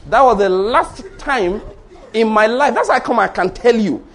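A man's voice: high-pitched, expressive, moderate pace, fairly bright tone. A middle-aged man with a Nigerian Yoruba accent, preaching a sermon in an emphatic storytelling way. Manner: storytelling, emphatic, repeats points. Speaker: pastor.

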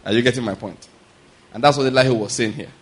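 A man preaching a conversational sermon, often pausing to ask whether listeners are following and chuckling through anecdotes. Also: medium pitch, breathy edge. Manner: checks in with "are you getting my point?" and "all right?".

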